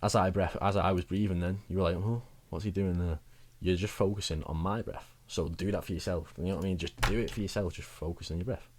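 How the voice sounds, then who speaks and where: Young guy vlogging, low voice, rambly and chatty, laughs at himself. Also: fairly even intonation, fast, few pauses, darkish tone. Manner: chatty, rambling, self-mocking with frequent laughs. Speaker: wellbeing vlogger. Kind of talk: casual advice vlog.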